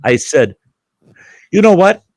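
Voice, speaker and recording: An older man telling a story in casual chat, animated and loud, jumping into outraged voices for the people he quotes. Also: sits high, takes it slowly, dry recording. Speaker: show host telling a story.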